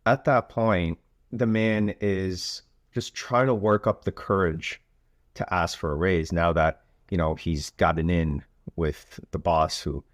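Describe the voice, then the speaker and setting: A man who hosts a coaching podcast, telling a story in a relaxed way with frequent filler phrases. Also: low-pitched, slow pace, no room sound, studio quality. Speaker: youth soccer coach and podcast host.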